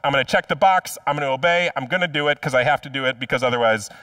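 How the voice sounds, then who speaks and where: A man's voice: mid-range voice, rapid-fire, pushed and bright, no room sound, close to an everyday voice. A man voicing a reluctant, self-centered male prophet who complains with whiny sarcasm, heard from a distant, dry mic. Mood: grudging.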